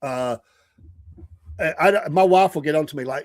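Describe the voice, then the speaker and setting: A Southern-accented man in his sixties hosts a casual morning show, talking in an earnest, rambling way full of restarts and small chuckles. His voice sits a little high for a man. The sound is dry and close, with no room around it. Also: moderate pace, long pauses, dry recording. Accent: Southern American. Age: 60s. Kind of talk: casual livestream chat.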